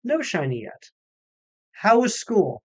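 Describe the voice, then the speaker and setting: A man's voice: high voice, big pitch swings, takes it slowly, no room sound, lo-fi sound. A man streaming a game live, chatting casually and reading viewer comments aloud. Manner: chatty, reads chat aloud, self-deprecating. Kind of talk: live stream chat while gaming.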